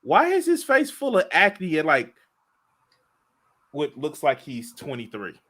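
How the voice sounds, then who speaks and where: A man hosting a stream, speaking with slow, exasperated asides in casual chat. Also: on the high side, huge pitch swings, fairly bright tone, breathy edge. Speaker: streamer host.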